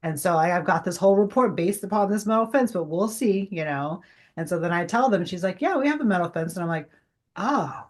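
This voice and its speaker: A woman's voice: lowish voice, a little fast. A woman in her forties, a guest chatting casually in an interview, rambling with many fillers and acting out past conversations.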